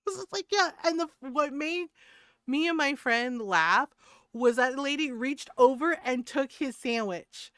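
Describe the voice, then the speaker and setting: A woman's voice: sits high, moderate pace, dry recording, studio quality. A woman streamer chatting casually while gaming, telling stories with lots of laughter and swearing. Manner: animated storyteller, swears freely, laughs often.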